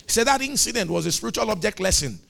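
Animated, gravelly-voiced male preacher. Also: high voice, racing. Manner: animated preaching with shouted climaxes and acted dialogue. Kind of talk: sermon.

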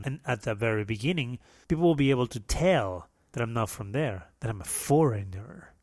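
A man's voice: mid-range voice, dry recording, clean studio sound. A man from Peru with a Peruvian Spanish accent, whose first language is Spanish, hosting a casual solo podcast monologue in a playful, self-mocking, rambling way. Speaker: podcast host.

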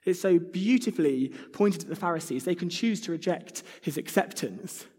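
A man's voice: high voice, lively intonation, normal speed, dark tone, slightly rough. A man preaching a sermon, earnest and conversational, now and then acting out a whiny child. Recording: reverberant hall.

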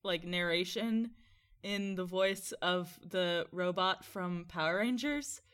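A woman's voice: on the low side, slow pace, a bit bright, smooth. A woman co-hosting a podcast in casual chat, self-mocking and laughing mid-sentence. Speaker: podcast co-host.

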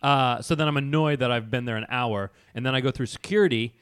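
Man telling a story in lively, casual chat. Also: medium pitch, fast, smooth. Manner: animated storyteller acting out both sides of a dialogue. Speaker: podcast co-host.

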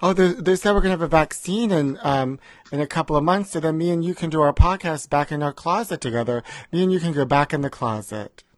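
A man's voice: on the high side, a little fast, dry recording. A man co-hosting a comedy podcast from home, chatting in a campy, gossipy way and calling his co-host honey. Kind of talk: casual comedic chat. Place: recording remotely.

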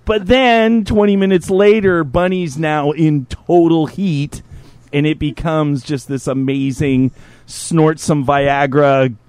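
A man hosting a podcast, telling stories in a profane, animated casual chat. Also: a little high, slow, clear, resonant tone, no echo. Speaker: podcast host.

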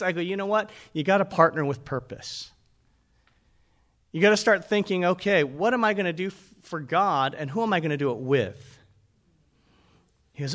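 High-voiced animated man preaching. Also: fairly quick. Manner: animated preaching, talks to the congregation. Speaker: pastor. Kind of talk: sermon.

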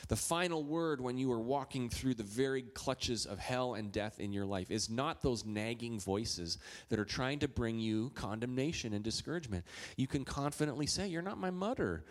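A man's voice: mid-range voice, normal speed. A man in his thirties from Minnesota, a pastor preaching a sermon in a chatty, storytelling way with playful asides.

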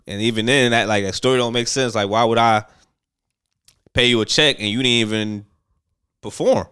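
Laid-back profane man, smooth dry voice. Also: fairly low pitch, fairly even intonation, normal speed, fairly bright tone, no room sound. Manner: laid-back, profane, rambling with many fillers. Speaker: podcast co-host. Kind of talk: casual chat.

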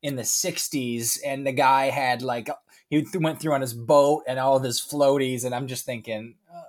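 A man's voice: medium pitch, fairly even intonation, normal speed. A man guesting on a film podcast, rambling casually with many fillers.

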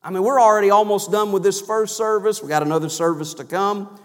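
High-voiced preacher in a reverberant church. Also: male voice, fairly even intonation, quick pace. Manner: rising to loud emphatic cries, then dropping low and soft. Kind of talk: sermon. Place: church sanctuary.

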